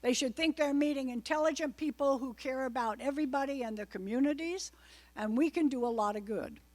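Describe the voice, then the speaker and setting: Woman, higher-pitched, guest speaker, informal talk, wry asides, conversational. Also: fairly quick, a little mellow. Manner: chatty, wry asides, frequent digressions. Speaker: guest speaker at a political club. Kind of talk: informal political talk to a live audience.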